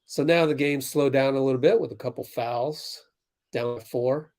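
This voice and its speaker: A man running a fan livestream calls the game live and rants back at viewers in chat, swinging between fired-up outbursts and low, muttered play-by-play. He talks at a moderate pace with a darkish tone.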